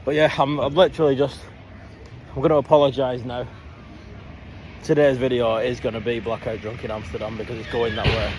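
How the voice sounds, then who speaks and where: A man's voice: mid-range voice, level tone, brisk. A man vlogging on a trip, chatty and sweary, filming himself on a handheld camera on city streets. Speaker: travel vlogger. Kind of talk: casual vlog chat. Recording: noisy outdoor street audio.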